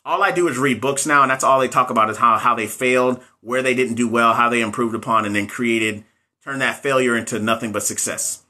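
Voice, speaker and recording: Man, bright tone, middle pitch, casual live-stream coaching, motivational, chats with viewers. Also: steady tone, brisk. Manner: motivational, talks straight to viewers, reads out comments.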